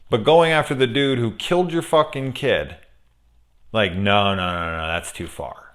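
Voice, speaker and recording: A man's voice: on the low side, measured pace, fairly bright tone. A man casually reviewing a film, rambling and swearing heatedly, laughing as he goes. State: angry.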